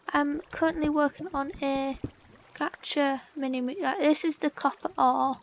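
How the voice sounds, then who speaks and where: A woman's voice: high-pitched, slow pace, muffled recording, a little hiss or hum. A British woman chatting casually over gameplay, playful and rambling, with silly asides. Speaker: gaming vlogger.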